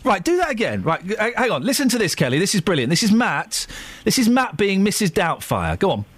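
A man's voice: high-pitched, sing-song, brisk, fairly bright tone, slightly rough. A man hosting a phone-in radio show, teasing callers playfully and stammering as he talks. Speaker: radio host.

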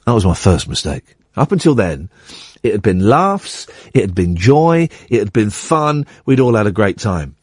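A middle-aged man hosting a radio show, telling an anecdote with lively acted-out quotes. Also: on the low side, moderate pace, slightly rough, no room sound, clean studio sound. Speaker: radio host.

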